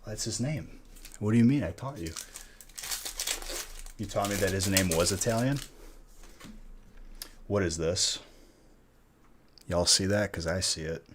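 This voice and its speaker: Man, very low voice, live-stream host, casual joking chat, faint wrapper crinkle. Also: a little slow, long pauses, a little hiss or hum. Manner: laid-back, joking, talks to chat by name. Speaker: live-stream host opening card packs.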